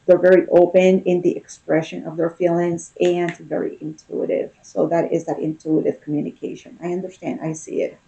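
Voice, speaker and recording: A woman's voice: on the low side, vocal fry, dark tone, muffled recording. A woman giving a casual tarot reading, talking in a loose, conversational way and often checking in with "okay?" and "you know?". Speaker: tarot reader.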